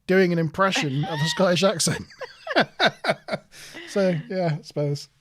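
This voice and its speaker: A man's voice: sits high, a little slow, crowd noise. A man from southwest England with a West Country accent, co-hosting a casual show in a rambling, hesitant, self-deprecating way. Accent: West Country English. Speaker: co-host. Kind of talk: casual podcast chat.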